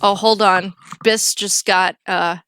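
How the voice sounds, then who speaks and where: A woman's voice: mid-range voice, fairly even intonation, takes it slowly, fairly bright tone, clear, resonant tone, soft background music. A young woman streaming a game, chatting casually in a rambling, giggly way with lots of filler words. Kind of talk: casual chat while gaming.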